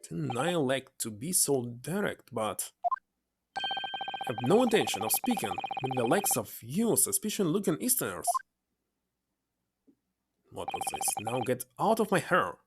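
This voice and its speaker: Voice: mid-range voice, sing-song, unhurried, long pauses, very noisy. A streamer reading a curt, suspicious prison governor. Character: gruff, dismissive middle-aged male prison governor. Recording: loud game music under the voice.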